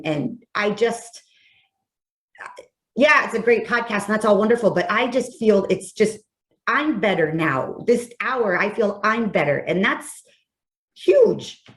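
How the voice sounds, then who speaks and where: A woman hosting a podcast conversation, speaking effusively and enthusiastically with frequent restarts. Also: mid-range voice. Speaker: podcast host.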